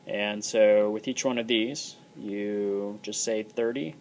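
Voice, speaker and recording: A man's voice: fairly low pitch, fairly even intonation, takes it slowly, a little mellow, a little hiss or hum, poor audio. A man giving a casual recorded lesson, explaining step by step with many ums and uhs. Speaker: teacher.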